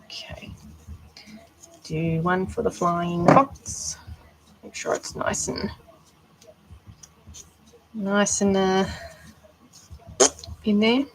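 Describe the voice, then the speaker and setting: A woman's voice: mid-range voice, extremely slow, pauses often, a little hiss or hum, rough recording. A young Australian woman chatting casually on a live stream while she builds art dolls, answering viewers' questions as she works.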